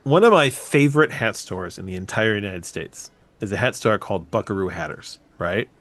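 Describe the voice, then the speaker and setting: Guy cohosting a podcast, super lively voice that jumps all over, swears a lot. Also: fairly low pitch, normal speed. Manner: animated, swears freely, voice jumps up when excited. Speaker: podcast co-host. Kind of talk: casual chat.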